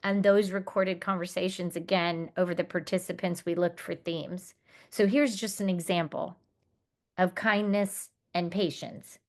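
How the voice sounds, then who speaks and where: A woman's voice: on the low side, steady tone, measured pace, darkish tone. Woman presenting at a teacher conference. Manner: earnest, explanatory, with restarts and quoted student words.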